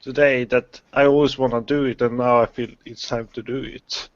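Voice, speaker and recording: A man chatting tentatively and softly on a group video call. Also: medium pitch, little pitch movement, normal speed, dry recording. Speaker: participant. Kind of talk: casual chat in a video call. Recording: dull lo-fi call audio.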